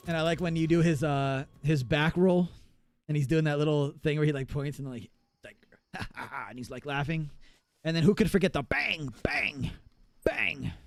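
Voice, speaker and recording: A male streamer talks casually to his chat during a live gaming session. His voice sits a little high for a man, and he swears freely and breaks into laughs often. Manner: excitable, profane, laughs often.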